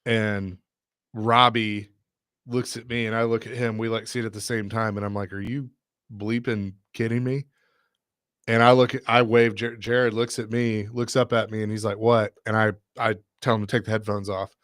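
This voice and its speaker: A man hosting a sports radio show, telling stories in a casual, animated way. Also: lowish voice, fairly quick, no room sound, studio quality. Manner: storytelling, animated retelling with laughs.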